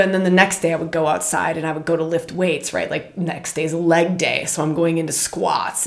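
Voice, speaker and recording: A middle-aged woman hosting a podcast, teaching meditation in a chatty, animated way and laughing often. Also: lowish voice, vocal fry. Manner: animated, chatty, laughs often, scolds her puppy mid-talk. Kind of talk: casual spoken teaching. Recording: echoey room.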